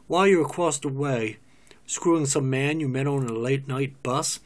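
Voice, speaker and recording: A man's voice: mid-range voice, moderate pace, natural voice. Paul, a man reading a hurt, exasperated lover. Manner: pleading, exasperated. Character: lonely, hurt man, jealous partner. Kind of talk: play reading.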